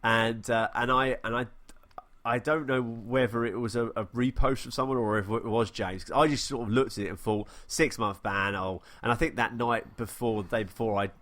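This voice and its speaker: A man's voice: medium pitch, steady tone, brisk, fairly bright tone. A man co-hosting a casual gaming podcast, talking in a hesitant, musing way. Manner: hesitant, many fillers and restarts, musing. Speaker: podcast co-host.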